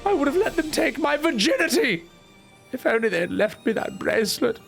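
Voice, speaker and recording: A man's voice: very high voice, sing-song, a little fast, vocal fry, a bit bright, faint music behind, voice pushed up, full character voice. A man putting on a fussy old woman's voice. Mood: distraught. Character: sweet elderly woman, grateful and distraught.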